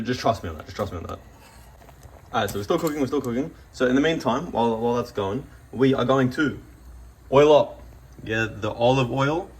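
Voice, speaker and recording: Joking man cooking at home. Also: mid-range voice. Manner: joking, rambling, self-deprecating. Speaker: cooking vlogger. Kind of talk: casual cooking demonstration. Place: home kitchen.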